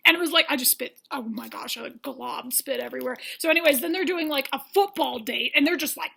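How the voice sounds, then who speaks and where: A young woman giving a comedic TV recap, animated and jumping into shouted and whispered impressions. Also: high-pitched, fast, gravelly. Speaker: recap vlogger. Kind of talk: comedic TV recap with character voices.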